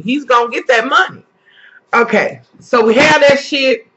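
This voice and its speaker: A woman's voice: a little high, normal speed, fairly bright tone. A woman vlogger giving a casual, heavily profane, indignant episode recap, talking to her viewers as "y'all.". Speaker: vlogger reviewing a TV series. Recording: dull lo-fi recording.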